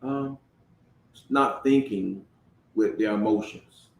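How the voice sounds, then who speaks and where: Earnest low-voiced man, echoey room. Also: vocal fry, a little hiss or hum. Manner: earnest, reflective, halting. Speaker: podcast co-host. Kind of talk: casual conversational podcast. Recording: roomy echo.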